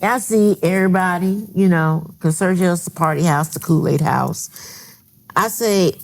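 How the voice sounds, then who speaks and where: An older woman, a grandmother, telling animated stories as a podcast guest and acting out quoted lines. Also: lowish voice, normal speed, creaky. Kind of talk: casual storytelling. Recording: studio podcast with laughing audience.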